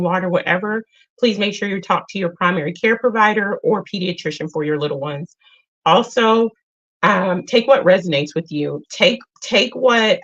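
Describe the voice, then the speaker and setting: A woman with a lowish voice hosts a casual spiritual livestream. She talks earnestly and without hurry, often pausing on filler sounds. The audio is dull and lo-fi, like a webcam mic. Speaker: livestream host.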